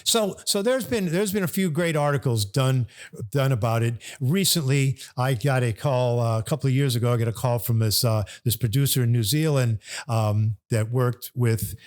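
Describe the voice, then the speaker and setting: A man's voice: mid-range voice, normal speed, darkish tone. An older man from New Orleans, a podcast guest, telling a long story in a rambling way, restarting and repeating words as he goes. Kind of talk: casual storytelling. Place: bar.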